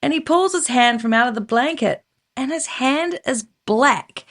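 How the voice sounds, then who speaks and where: A woman co-hosting a podcast, telling a true-crime story in a casual, animated way and acting out the quotes. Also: sits high, unhurried. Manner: animated, laughs often, acts out quoted voices.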